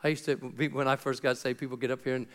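A man's voice: mid-range voice, flat delivery, quick pace, a bit bright. A middle-aged man preaching a sermon as pastor, talking conversationally and acting out little dialogues.

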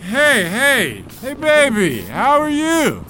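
This is a sleazy street catcaller in an audio drama. The voice sits extremely high and swoops wildly, and he drawls his come-ons slowly. The tone is bright and sharp, and he leers at everyone who passes. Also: wildly swooping pitch, a little hiss or hum, heavily acted. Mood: leering.

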